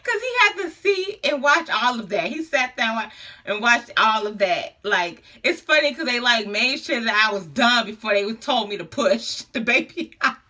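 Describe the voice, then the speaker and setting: A young woman vlogger, telling a personal story in casual, slangy, animated talk with frequent laughter. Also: a little high, moderate pace.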